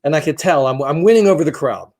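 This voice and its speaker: A man's voice: fairly high pitch, lively intonation, fast, darkish tone. A man in his fifties co-hosting a podcast, telling a long story in a rambling, profane, self-deprecating way. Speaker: podcast co-host.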